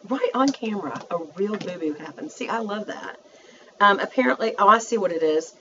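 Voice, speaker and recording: A woman's voice: medium pitch, lively intonation, a little fast, dull audio, noisy background. A woman, chatting through a makeup tutorial and talking to her viewers as she works. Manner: chatty, self-narrating, addresses viewers as y'all. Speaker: beauty vlogger.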